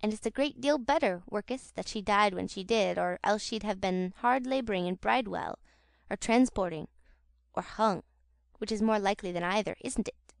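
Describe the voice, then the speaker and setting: A woman's voice: moderate pace, vocal fry, dry recording, studio quality, close to an everyday voice. A woman reading an audiobook, voicing a cowardly charity boy who mocks with false pity and then shrieks for help. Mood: jeering. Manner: mocking false pity, turning to shrill blubbering.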